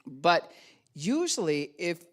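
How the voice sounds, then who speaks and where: A woman pastor preaching in a loose, conversational sermon. She keeps breaking into quick high-pitched voices to play both people in a quarrel, then drops back to her lower speaking tone. Laughter slips into her lines as she goes. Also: big pitch swings. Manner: acts out both sides of arguments with sudden high-pitched quoted voices; laughs often while preaching.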